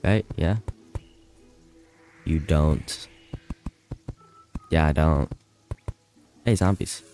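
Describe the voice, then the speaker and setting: A man with a low, dark voice streams a game live, speaking slowly and loosely as he reads chat aloud and talks with viewers. When things go wrong he breaks into panicked, laughing outbursts, with faint music behind him.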